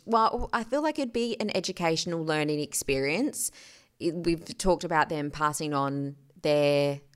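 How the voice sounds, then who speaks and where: A woman's voice: sits low, normal speed, clear, resonant tone. A woman co-hosting a podcast, chatting casually with playful, wry jokes. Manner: joking, playful, wry asides. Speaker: podcast co-host. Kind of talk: casual chat.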